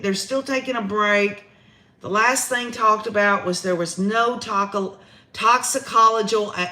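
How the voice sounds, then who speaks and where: Her voice is medium in pitch, bright and forceful. She's a livestream host with a Southern American accent, giving casual live commentary while talking directly to viewers.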